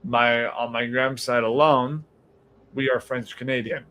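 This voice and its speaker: Brief: young Boston-accent man, podcast host, rambling chatty storyteller, middle pitch. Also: unhurried, poor audio. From New England. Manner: rambling storyteller, quotes others in lively voices. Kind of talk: casual chat, reading viewer comments.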